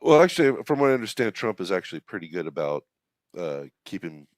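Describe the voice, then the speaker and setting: A man weighing in on a casual podcast, measured and hesitant with fillers. His voice is low but lively in pitch, and the sound is dry and close. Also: no echo.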